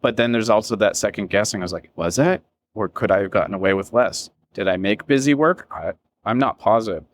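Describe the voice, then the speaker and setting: A man's voice: on the low side, a little fast, slight background noise. A man, a business founder interviewed as a guest, talking candidly and emotionally with many fillers and some swearing. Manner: rambling, many fillers and self-quotes. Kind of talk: candid reflective interview talk.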